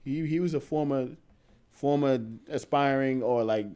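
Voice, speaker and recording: A man co-hosting a casual podcast, making his points in a measured way with some restarts. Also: mid-range voice, mellow, clean tone. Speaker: podcast co-host. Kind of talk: casual debate chat.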